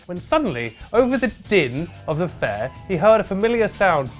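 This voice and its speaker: A man hosting a comic news show in a dry, deadpan, mock-serious way. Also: fairly high pitch, a little fast, hardly any pauses, soft background music. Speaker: host. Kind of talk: comedic news commentary.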